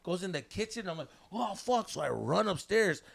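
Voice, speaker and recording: A man's voice: high voice, lively intonation, a little fast, gravelly, a bit bright, slightly rough. A man in his thirties telling a wild story on a casual podcast, slangy, swearing often and mixing in Spanish words.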